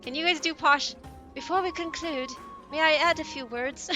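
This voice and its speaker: A woman's voice: sits high, lively intonation, normal speed, music in the background. A woman reading a refined noblewoman's lines in a weak attempt at a posh accent. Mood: formal.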